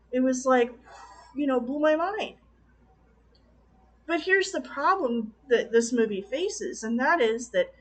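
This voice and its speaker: A woman talking in a casual video review, passionate and exclamatory, quick to laugh as she vents. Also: sits high, a bit bright. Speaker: film reviewer.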